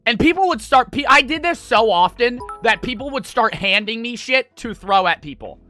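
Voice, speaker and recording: A man's voice: very high-pitched, animated, moderate pace, pushed and bright, faint music behind. A young man streaming, telling a rambling, profane story to his chat. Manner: rambling, profane, full of fillers.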